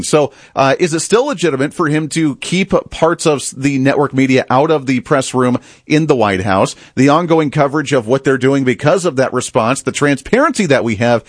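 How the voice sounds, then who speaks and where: A man's voice: mid-range voice, lively intonation, moderate pace, hardly any pauses, no echo, clean studio sound. A man hosting a political talk show, commenting in a casual, mocking way. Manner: chatty, mocking, laughs at clips.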